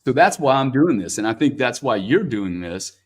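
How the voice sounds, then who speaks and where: This interviewer is a man with a mid-pitched voice who talks to his guest frankly and without polish. He curses freely, keeps adding "man" to his lines, and speaks in a sing-song way at an ordinary pace.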